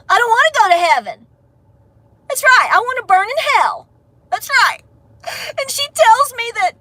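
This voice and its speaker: A woman's voice: very high voice, bright, forceful tone, voice pushed up, heavily acted. A woman with a Southern Appalachian accent mocking a whiny, self-pitying online hater, with sarcastic, whining delivery.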